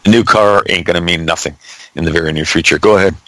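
A man's voice: low-pitched, quick pace, sharp tone, dry recording, low-quality recording. A man in his sixties hosting a casual call-in talk show, folksy and blunt, calling his guest buddy. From Canada. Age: 60s.

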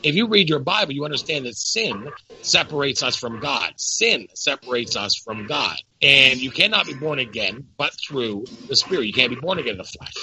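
A man's voice: medium pitch, expressive, normal speed, sharp tone, muffled recording. A man talking about his faith in casual conversation, fervent and full of stories, often repeating words as he builds up. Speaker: guest. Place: Dominican Republic.

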